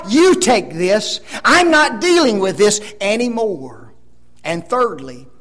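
A man's voice: extremely high pitch, a bit bright. A man preaching a Sunday sermon, emphatic and fond of rhetorical tag questions.

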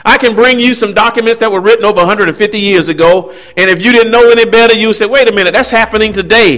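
High, bright-voiced preacher man. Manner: emphatic, rising and falling preaching delivery with asides to the congregation. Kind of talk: sermon.

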